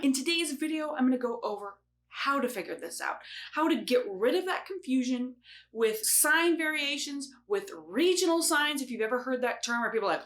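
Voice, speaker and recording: A woman hosting a casual instructional vlog about sign language, upbeat and expressive, acting out the questions of confused learners. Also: sits high, moderate pace.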